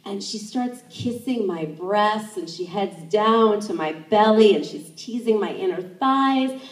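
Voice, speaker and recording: Animated woman telling a story, roomy. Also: a little slow. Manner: animated, acts out her own inner thoughts in jumps of pitch. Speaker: sex educator. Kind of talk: live first-person storytelling. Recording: roomy, distant stage mic.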